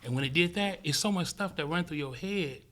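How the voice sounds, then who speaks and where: A man, a podcast guest, telling a vivid, profane story in casual talk, acting out sounds and swinging between loud bursts and hushed murmurs. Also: fairly high pitch, fairly quick, a little hiss or hum.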